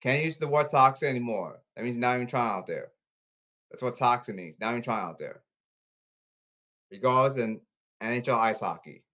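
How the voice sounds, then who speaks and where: A man's voice: medium pitch, animated, fairly bright tone. Man in a rambling, pleading monologue. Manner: repetitive, pleading, halting delivery. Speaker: podcaster. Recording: slightly dull lo-fi audio.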